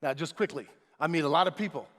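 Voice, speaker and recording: A man who is a motivational speaker, giving an energetic, emphatic keynote speech in a large conference room. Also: on the high side, fast talker. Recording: echoey large hall.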